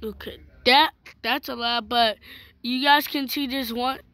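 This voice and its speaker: A woman's voice: a little high, fairly even intonation, measured pace, no echo. A woman giving playful game commentary, talking in a dramatic, whiny way with fake crying. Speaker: gaming channel host. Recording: loud background noise.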